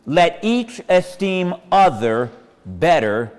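A man's voice: fairly high pitch, big pitch swings, slow pace. A man preaching a sermon as pastor in a church, folksy and repetitive, asking the congregation questions. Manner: folksy, asks the congregation questions, repeats phrases. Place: church sanctuary. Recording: long hall reverb.

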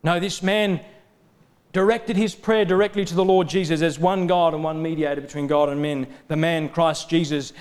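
A man preaching a sermon in a steady, rhythmic cadence, building lists of parallel phrases. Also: on the high side, normal speed, clear, resonant tone.

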